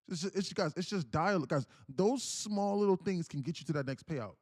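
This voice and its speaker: A man's voice: sits high, expressive, fairly quick, a little mellow. A man hosting a live trading stream, talking casually and slangily to his viewers, repeating himself and pressing his points with earnest insistence. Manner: slangy, repeats himself, keeps calling out "guys, listen". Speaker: day-trading livestream host.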